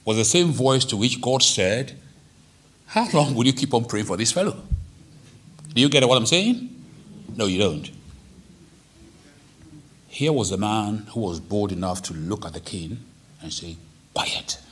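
A male pastor preaches in a lively sermon. His voice is a little husky and rises and falls a lot. He breaks into sudden dramatic quoted lines. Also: mid-range voice, a little slow, pauses often. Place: church hall.

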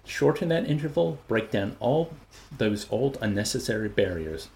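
Guy reading a novel aloud, gravelly and low, lively pitch. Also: moderate pace. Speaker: audiobook narrator. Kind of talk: scripted narration.

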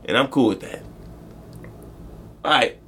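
A man's voice: medium pitch, expressive, measured pace, a bit bright, a little hiss or hum. A man co-hosting a casual sports podcast, joking and cursing, slipping into mock voices. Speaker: podcast co-host.

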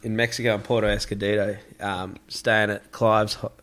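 A man's voice: on the low side, little pitch movement, moderate pace, a bit bright. A man hosting a casual chat, telling a laid-back story with some swearing.

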